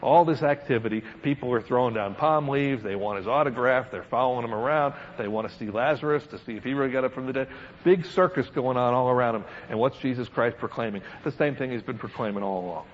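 A man preaching verse by verse through a Bible passage, reading scripture aloud and then commenting with lively asides and chuckles. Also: medium pitch, quick pace. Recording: dull lo-fi sound with faint background noise.

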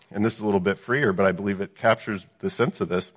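A man with a low, slightly husky voice teaches from scripture, reading each verse and then unpacking it. He keeps checking in with his listeners through rhetorical questions. His voice carries a long reverb, as if spoken in a large hall. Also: quick pace. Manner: reads scripture then explains it, with frequent rhetorical "right?" questions. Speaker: preacher. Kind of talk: Bible teaching sermon.

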